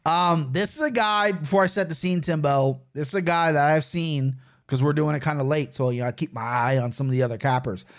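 A man hosting a casual betting podcast, talking in loud, profane, joking banter. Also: on the high side, a little fast, hardly any pauses. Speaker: podcast host.

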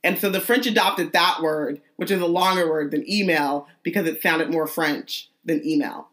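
Female co-host, lowish voice, casual and jokey, prone to rambling asides. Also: moderate pace, fairly bright tone, a little hiss or hum. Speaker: podcast co-host. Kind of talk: casual chat about a book.

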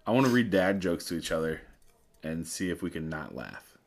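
A man's voice: low voice, sing-song, normal speed, gravelly. A man co-hosting a casual podcast chat, swearing freely and bursting into laughter. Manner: swears a lot, breaks into loud laughter. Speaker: podcast co-host.

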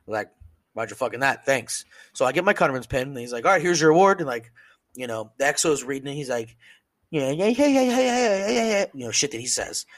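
A man co-hosting a casual podcast, telling a profane, animated story and acting out what other people said. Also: medium pitch, fast. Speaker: podcast co-host, service member.

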